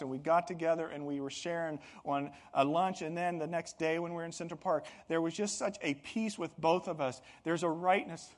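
A middle-aged male pastor delivering a sermon in a slightly high voice. He speaks earnestly and swings from soft, low asides up to loud, emphatic peaks. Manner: earnest, rising to emphatic bursts.

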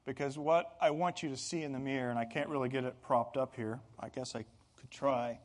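A man's voice: mid-range voice, steady tone, brisk. A middle-aged man preaching a sermon as pastor, earnest and building to emphatic bursts.

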